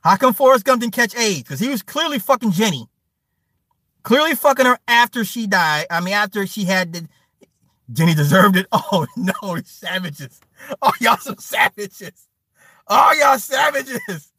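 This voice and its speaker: A man giving a crude, joking rant to his stream viewers, laughing often, with his pitch swinging up and down. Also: expressive, moderate pace, bright, forceful tone, no echo, clean studio sound.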